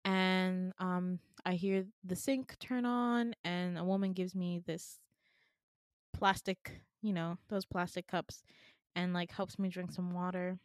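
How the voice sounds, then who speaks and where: A woman's voice: fairly low pitch, fairly even intonation, takes it slowly, clear, resonant tone, no echo, studio quality. A young woman co-hosting a podcast, casually telling a dream in a rambling way, full of fillers. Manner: rambling with many fillers and laughs. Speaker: podcast co-host.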